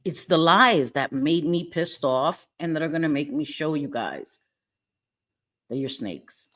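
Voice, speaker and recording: A woman's voice: sits low, lively intonation, measured pace, a bit bright. Blunt, foul-mouthed woman live-streaming. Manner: blunt, profane and laughing often. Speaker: livestream host. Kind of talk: casual live-stream chat.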